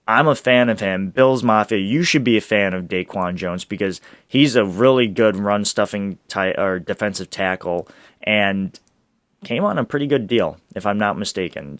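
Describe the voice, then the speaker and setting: Excitable man hosting a sports podcast. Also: on the low side, no room sound, clean studio sound. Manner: excitable, rambling, with frequent laughs and restarts. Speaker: podcast host. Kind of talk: solo sports podcast talk.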